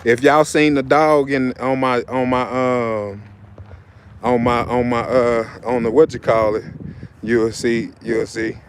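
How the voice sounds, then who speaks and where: A man's voice: medium pitch, steady tone, takes it slowly, a little hiss or hum. A man chatting loosely on a livestream, rambling and repeating himself, outdoors by his vehicles on a phone. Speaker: livestream host. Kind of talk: casual livestream chat.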